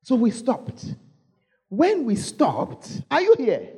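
Animated husky Ghanaian woman preaching. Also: fairly high pitch, slow. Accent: Ghanaian English. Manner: animated, calls out to the congregation, repeats phrases. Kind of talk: lively storytelling sermon.

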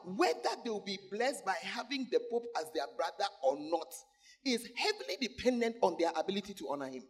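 High-voiced man preaching a lively sermon. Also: husky. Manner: animated, calls out to the congregation, laughs between points. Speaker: pastor.

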